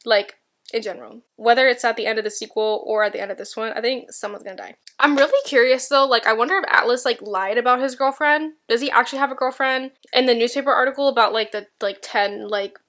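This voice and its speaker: Young woman, casual vlogger; bright, slightly high voice, rambling delivery with dry sarcasm. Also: fast talker. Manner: rambling, filler-heavy, sarcastic asides. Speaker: book vlogger. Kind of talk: casual reading vlog chat.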